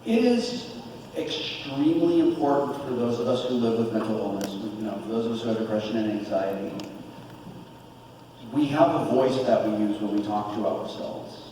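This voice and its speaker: Heard from far off in an echoey large convention hall, a lowish-voiced man in his forties speaks at a moderate pace as a panel guest. With slight background noise, he talks earnestly, openly and animatedly about living with depression in candid panel talk.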